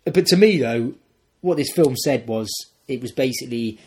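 A young man, a podcast co-host, casually retelling a film plot in a rambling, animated way and acting out the characters. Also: mid-range voice, moderate pace, breathy edge.

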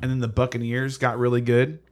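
Brief: male podcast co-host, excitable, rambling football chatter, often laughing. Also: medium pitch, a little fast, noisy background. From California. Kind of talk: casual sports chat.

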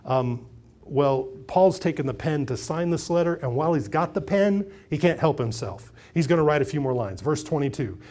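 A slightly high, animated voice carries this middle-aged pastor's sermon at a moderate pace. Conversational in tone, he shifts from loud emphasis to quiet asides and keeps repeating and restarting phrases.

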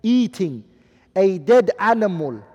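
High-voiced man teaching in a hall. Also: big pitch swings, slow pace, mellow, slightly rough, muffled recording. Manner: asks the class questions, repeats and translates Arabic terms. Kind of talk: classroom lecture. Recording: long hall reverb.

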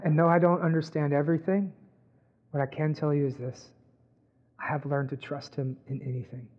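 A pastor with a high voice delivers a conversational sermon, often asking his audience "right?" The sound is dull and muffled. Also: fairly even intonation, normal speed.

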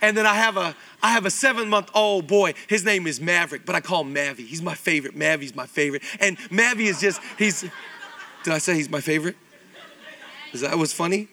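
A man in his thirties preaching a sermon as pastor, animated and conversational with lots of repetition. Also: high voice, a little fast. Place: church auditorium.

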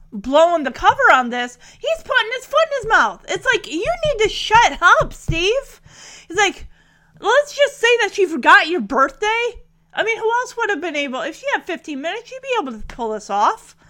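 Young woman gushing about a tv episode, high voice that swoops all over, chatty, lots of "like" and "you know". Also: a bit bright. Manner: emotional, gushing, chatty with many fillers. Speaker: TV episode reviewer. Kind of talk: casual recap commentary.

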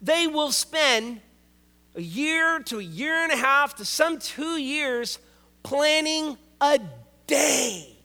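In a large hall with a long reverb, a male pastor delivers a sermon in a very high-pitched, bright, forceful voice, taking his time. His style is conversational and joking, and he hammers points home by repeating key words.

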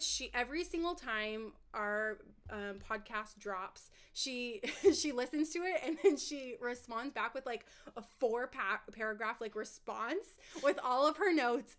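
Excitable loud woman podcast host. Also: on the high side. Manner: excitable and loud, laughs often. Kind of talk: casual podcast chat. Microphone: studio microphone.

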